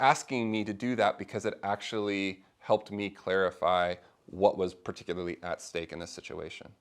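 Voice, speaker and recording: A middle-aged man leads a faith discussion class, speaking informally to a small group in a lowish voice, a little fast with few pauses. Conversational and animated, he acts out the voices of the people he quotes.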